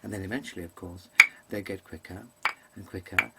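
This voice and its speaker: Over loud music, a man with a low, gravelly voice speaks a little fast with fairly even intonation. He is an actor doing a rambling comic monologue to a webcam, hesitant and digressive, full of ums and self-corrections in mannered stage diction.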